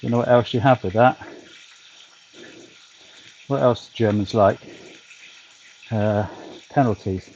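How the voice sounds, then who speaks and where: A man's voice: medium pitch, slow pace, pauses often, a little mellow, lo-fi sound, a little hiss or hum. A British man chatting casually to his stream while cycling at home on an indoor trainer, rambling with lots of ums and dry humour. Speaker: vlogger cycling on a turbo trainer. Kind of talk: casual chat to a livestream. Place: home, back garden.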